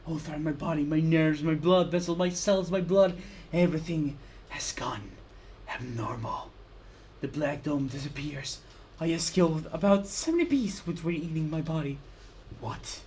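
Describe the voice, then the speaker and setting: A woman streamer giving an intense dramatic reading of a visual novel, swinging from hushed whispers to loud cries. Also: low-pitched, moderate pace, a little hiss or hum. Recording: clear background music.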